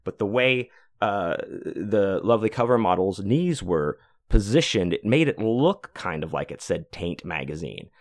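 A man's voice: lowish voice, lively intonation, unhurried, no room sound. Rambling, foul-mouthed podcast host, man. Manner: rambling, profane, many fillers. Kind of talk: casual storytelling monologue.

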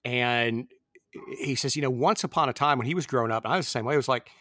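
A man's voice: medium pitch, fast, sharp tone, no room sound, studio quality. A man in his fifties hosting a podcast, chatting casually about films in a rambling way. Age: 50s. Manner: rambling, with many fillers and restarts. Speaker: podcast host. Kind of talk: casual film discussion.

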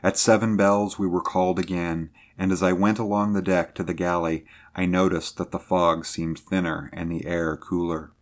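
A man narrating an old sea adventure as an audiobook, in a measured, dramatic storytelling manner. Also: low voice, flat delivery.

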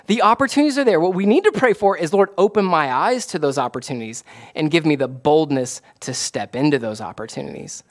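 A man, a pastor, preaching a casual, conversational sermon that rises to excited emphasis. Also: high voice. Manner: animated, rising to excited emphasis.

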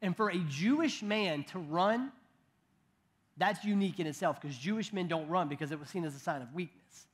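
A man's voice: high voice, expressive, moderate pace. A man in his thirties preaching a sermon in a conversational way, with joking asides and frequent restarts. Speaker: pastor.

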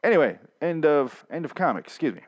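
A man hosting a podcast alone, talking in a casual, rambling, jokey and profane way with a hoarse, strained voice. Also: fairly high pitch, sing-song, fast talker, lo-fi sound. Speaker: podcast host. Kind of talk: casual solo podcast talk.

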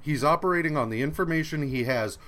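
A man's voice: on the high side, quick pace, fairly bright tone. A man co-hosting a casual podcast, ranting with exasperation and swearing freely. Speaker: podcast co-host. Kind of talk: casual chat.

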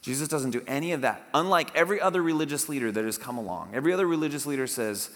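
A man's voice: medium pitch, lively intonation, very fast, a bit bright. A man pastor giving a conversational sermon, reading scripture aloud with dramatic emphasis. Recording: long hall reverb.

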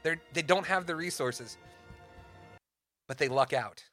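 Young man, podcast co-host, bright forceful voice, animated storytelling, faint music behind. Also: on the high side, a little slow. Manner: animated, dramatic build-ups, playful. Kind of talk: casual chat, storytelling fan crossovers.

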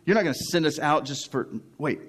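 These are reluctant, jittery disciples, acted out by a male preacher. They stammer and hold back. Then they plead in a rush, half-joking but clearly uneasy. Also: fairly high pitch, fairly quick, lightly acted. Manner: hesitant, pleading.

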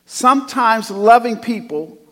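A man preaching a sermon as pastor, moving between hushed, quiet passages and loud, emphatic calls to the congregation. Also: very high-pitched, expressive, measured pace. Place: church sanctuary. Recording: long church reverb.

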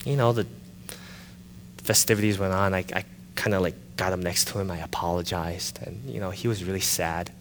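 A male pastor telling a personal story in a sermon, animated and shifting from loud excited retelling to quiet confession. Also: low-pitched, fairly quick, long reverb tail, background noise.

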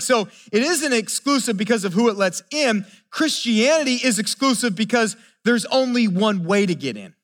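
A pastor preaches earnestly at a moderate pace, his voice sitting high, animated and a bit bright, with hardly any pauses. He keeps asking the listeners rhetorical questions and stumbles over repeated words as he develops each point.

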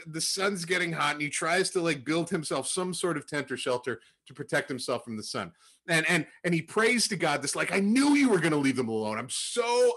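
A young man casually retelling a Bible story to a group, acting out the quotes with animated jumps in his voice. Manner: animated storytelling, acts out quotes with rising pitch. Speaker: Bible study leader.

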